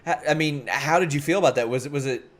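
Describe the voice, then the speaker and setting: A man hosting a casual interview, talking with animated energy, joking and restarting phrases. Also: a little high, quick pace. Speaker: interview host.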